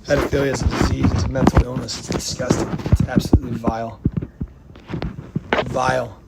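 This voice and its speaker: A man from the United States delivering an angry, profane rant to camera, swinging between loud outbursts and hushed, near-whispered lines. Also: medium pitch, little pitch movement, a little fast, creaky, very noisy. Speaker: vlogger.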